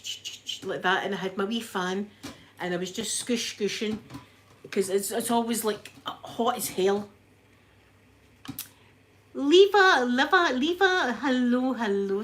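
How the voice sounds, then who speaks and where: A woman with a warm Glaswegian accent chats to her live viewers, reading out their names. Her voice sits a touch high, and she sounds slightly breathless as she talks. A faint hiss of noise runs behind her. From Scotland. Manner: chatty, animated storyteller, reads out chat names. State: a bit breathless after illness. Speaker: livestream host. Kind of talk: casual chat with live viewers.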